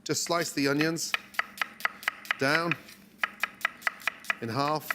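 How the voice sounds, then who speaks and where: A man demonstrating a recipe step by step in a relaxed, encouraging way, as on a cooking show. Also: on the high side, very slow, heavy background noise. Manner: relaxed, encouraging, talks through each step.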